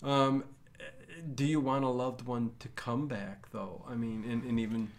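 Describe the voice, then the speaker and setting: Male co-host, mid-pitched, hesitant, restarts his sentences, casual commentary. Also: level tone, a little hiss or hum. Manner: halting, stumbling restarts, musing. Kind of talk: casual movie commentary chat.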